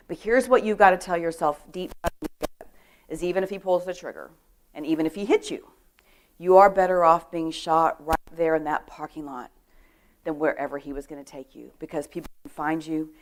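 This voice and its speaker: A middle-aged woman giving an animated talk on personal safety to a women's church group, telling stories, acting out quotes and asking the audience questions. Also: sits low. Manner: lively storytelling, acts out quotes, asks the audience questions. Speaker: guest speaker on personal safety.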